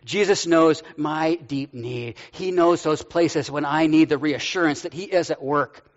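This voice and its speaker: Older male pastor, sixties, relaxed storytelling sermon with gentle humor; slightly high voice, dull audio in a long-reverb church hall. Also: a little slow. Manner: storytelling, conversational with light humor.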